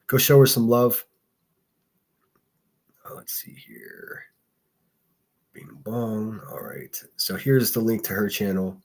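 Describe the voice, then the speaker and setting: A man's voice: on the low side, moderate pace, hardly any pauses, a little mellow. A man hosting a casual solo livestream, reading chat and giving blunt, profane, rambling commentary. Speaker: livestream host.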